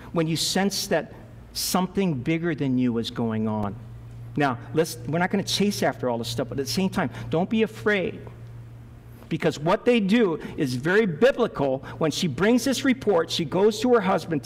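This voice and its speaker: A male pastor preaching a sermon, lively, acting out the voices of Bible figures as he goes. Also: sits high, in a large hall.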